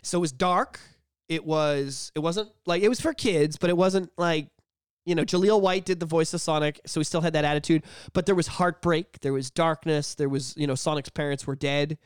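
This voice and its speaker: Man, podcast co-host, high voice, dry close sound, excited rambling, swears a lot. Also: normal speed, clean tone, no echo. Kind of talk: casual chat.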